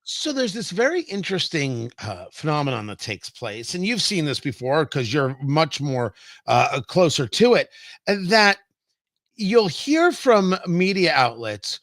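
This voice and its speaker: Man, talk show host, high pitch, bright forceful tone, opinionated, dry studio sound. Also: big pitch swings, dry recording. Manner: brisk, opinionated, some stumbling restarts. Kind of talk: political talk show interview.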